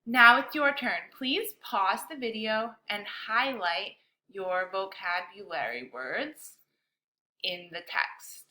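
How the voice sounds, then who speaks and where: A woman teacher leading a bilingual science lesson for children, speaking slowly and clearly with an encouraging classroom manner. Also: medium pitch, animated, bright, forceful tone.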